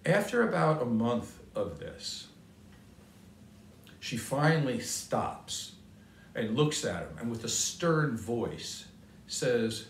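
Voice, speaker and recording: A man's voice: on the low side, lively intonation, slow, a little hiss or hum. An older man giving a motivational talk with a personal story, earnest and conversational, repeating his key points. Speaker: motivational speaker. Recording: roomy sound from a distance.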